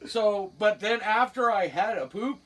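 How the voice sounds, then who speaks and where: A woman's voice: medium pitch, lively intonation, a little slow. A middle-aged Cape Breton woman spins a personal yarn in blunt, salty everyday talk, chuckling as she goes. Her voice sits a little back from the microphone, so it sounds slightly distant. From Cape Breton, Canada. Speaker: storyteller guest. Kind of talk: casual spoken anecdote.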